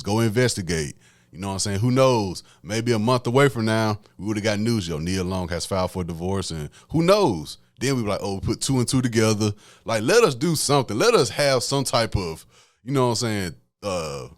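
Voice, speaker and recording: A man, hosting a solo podcast and talking casually to his listeners as y'all in a preachy, conversational way. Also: fairly low pitch. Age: late 20s. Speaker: podcast host.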